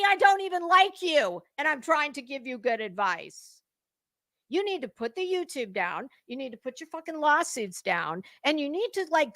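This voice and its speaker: A woman's voice: high-pitched, a bit bright, dry recording. A middle-aged woman hosting drama commentary, scathing and mocking, lecturing and swearing freely. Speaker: commentary channel host.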